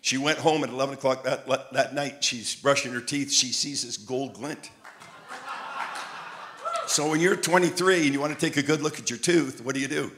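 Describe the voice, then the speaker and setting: A man preaching a sermon, telling lively stories and repeating phrases like a chant. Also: mid-range voice, moderate pace, noisy background. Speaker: traveling preacher. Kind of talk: sermon with storytelling.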